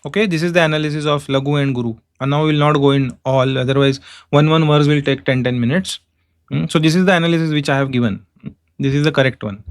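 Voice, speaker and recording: A man teaching a class, explaining step by step and chanting verses slowly in meter. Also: on the high side, clear, resonant tone, no echo. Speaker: Sanskrit teacher. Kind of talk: online class lecture.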